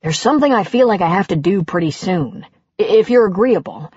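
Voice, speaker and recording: A woman reading an audiobook and voicing a gentle, self-deprecating older man who speaks softly. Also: mid-range voice, animated, a little fast, husky, no echo, lo-fi sound. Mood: wondering, gentle. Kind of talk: audiobook character voice.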